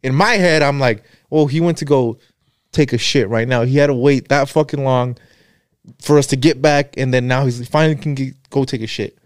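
A man casually telling a story among friends, profane and animated, acting out the quotes. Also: mid-range voice, normal speed, clear, resonant tone, no echo, clean studio sound.

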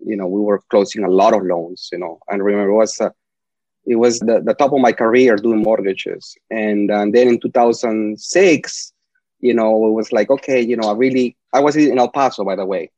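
A man's voice: lowish voice, moderate pace, dark tone, dry recording. Spanish-accented man telling stories, dry sound. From Peru. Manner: talkative, long rambling stories. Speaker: guest. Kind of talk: casual interview storytelling. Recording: dry, slightly dull lo-fi sound.

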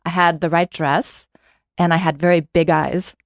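An actress guest on a talk show who tells frank, chatty stories. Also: female voice, fairly low pitch, steady tone, no echo, studio quality. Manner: chatty, frank, quick anecdotes.

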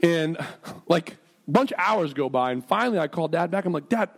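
A man preaching from the pulpit with a somewhat high voice. He tells stories in a lively, self-mocking way, then slows into earnest prayer. His delivery is lively and casual, not polished. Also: vocal fry. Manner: animated, jumps between storytelling and earnest prayer; self-deprecating and jokey. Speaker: pastor. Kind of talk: sermon with storytelling and prayer.

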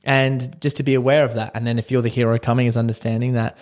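A man, hosting a casual solo podcast as a personal development coach, talking in an excitable, rambling way with restarts and laughs. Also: mid-range voice, fast.

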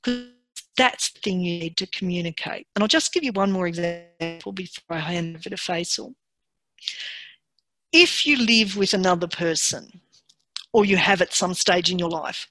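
A woman giving a workshop presentation in a calm, measured and encouraging way. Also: mid-range voice, no room sound.

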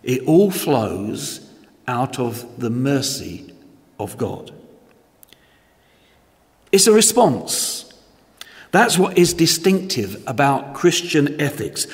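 A man preaching a sermon in church, measured and emphatic, posing rhetorical questions to his congregation. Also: medium pitch, very animated, long reverb tail.

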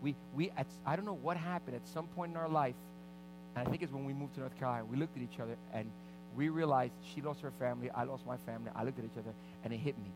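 A man preaching, a pastor telling a personal story in an animated way and acting out the scenes. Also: medium pitch, fast, poor audio. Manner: animated, reenacts scenes loudly. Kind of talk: storytelling sermon. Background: background music.

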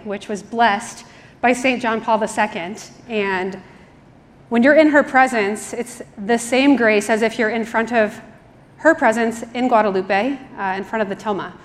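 A woman with a fairly high voice delivers a keynote in a large hall, and her words ring out with a long reverb. She tells stories animatedly, acting out quotes and laughing. Then she drops into a hushed, soft voice for prayer. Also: moderate pace. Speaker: religious sister giving a keynote talk. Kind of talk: conference keynote with storytelling and prayer.

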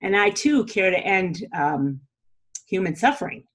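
A woman's voice: mid-range voice, very animated, measured pace. A woman in a casual spiritual teaching talk, chatty, often laughing and saying "you know" and "like".

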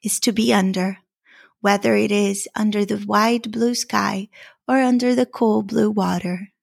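A woman's voice: mid-range voice, steady tone, unhurried, gravelly, slightly rough, heavily acted. A woman voicing a lonely young male duckling who speaks wistfully.

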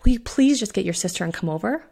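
A man's voice: high voice, lively intonation, fast, creaky, a little mellow, full character voice. A woman doing a fussy, panicked innkeeper man. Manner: snappish, pleading.

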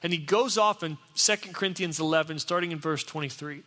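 A pastor giving a sermon, telling the story in a conversational way and acting out what people said. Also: male voice, fairly high pitch, quick pace, hardly any pauses, bright, forceful tone. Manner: storytelling, conversational, acts out quotes. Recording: echoey hall.

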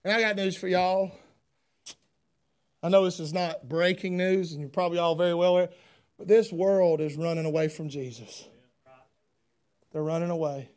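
A man preaching a sermon, loud and folksy with fervent emphasis. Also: high-pitched, steady tone, moderate pace, long pauses. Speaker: pastor.

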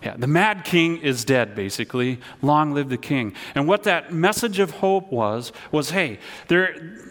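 A man's voice: fairly high pitch, animated, a little slow, a bit bright. Male pastor, earnest sermon delivery with call-and-response, in a hall with long reverb. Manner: earnest, repeats words, leads call-and-response.

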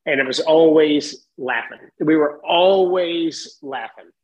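Middle-aged male podcast guest, animated storyteller with a somewhat high voice. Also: takes it slowly, rough recording. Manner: animated, laughs often, acts out voices. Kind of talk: casual storytelling.

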